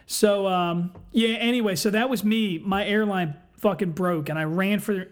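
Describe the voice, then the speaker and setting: A man guesting on a casual podcast, telling profane, excitable stories about past industrial jobs. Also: high voice, normal speed.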